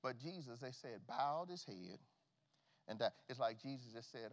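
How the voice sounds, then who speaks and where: A man preaching a sermon as pastor, swinging from loud calls to hushed, folksy asides. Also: mid-range voice, animated, normal speed. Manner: preaching with big swings from shouts to hushed tones. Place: church sanctuary. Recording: long reverb of a church hall.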